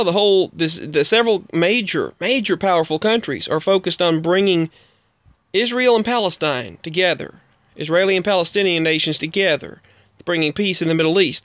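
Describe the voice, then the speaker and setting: A man's voice: high-pitched, fairly bright tone, no room sound, clean studio sound. A man giving casual news commentary as a vlogger, rambling and often correcting himself.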